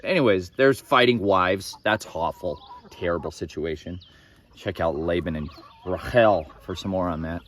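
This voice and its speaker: A young man retells Bible stories in a loose, casual way, rambling off into blunt opinions and side remarks. His voice sits somewhat low. He is recorded outdoors in a farmyard, with a faint hiss and chickens clucking behind him. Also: moderate pace, a bit bright. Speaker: Bible teacher.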